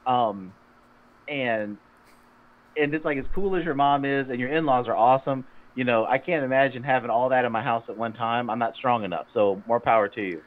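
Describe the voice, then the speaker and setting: A man co-hosting a fitness podcast, gruff and teasing, rambling with restarts. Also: mid-range voice, fairly quick. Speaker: podcast co-host. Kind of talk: casual podcast chat. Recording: tinny phone-like sound.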